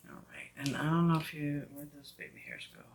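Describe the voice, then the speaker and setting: A woman with a slight Southern US accent talking through a wig review at home, chatty and often dropping into soft whispered asides. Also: low voice, huge pitch swings, a little fast, gravelly, slight background noise. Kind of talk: casual product review vlog.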